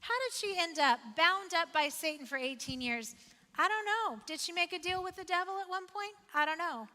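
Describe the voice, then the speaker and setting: Woman pastor, sermon, very high voice, emphatic and conversational, reverberant hall. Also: moderate pace, sharp tone. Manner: emphatic, repeats phrases for effect; conversational, asks the listeners questions. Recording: long reverb of a large hall.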